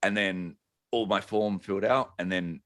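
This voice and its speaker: Low-voiced relaxed man, casual podcast chat. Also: normal speed, no room sound, clean studio sound. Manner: easygoing, many fillers and agreeing "yeah"s. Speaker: podcast co-host.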